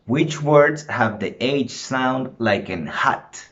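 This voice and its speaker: A man teaching an online lesson, drawing out his prompts slowly for the class. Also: mid-range voice, expressive, fairly bright tone. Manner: slow, drawn-out classroom prompting. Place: home. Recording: dull lo-fi home recording, faint room noise.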